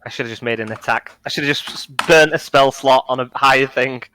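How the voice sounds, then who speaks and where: A man's voice: mid-range voice, a little fast, pushed and bright, a little hiss or hum, poor audio. A man playing a tabletop game, eagerly arguing his case in casual chat. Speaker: player.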